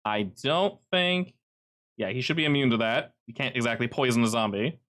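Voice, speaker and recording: A man narrating as game master of an online tabletop game, with animated jumps in pitch. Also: normal speed.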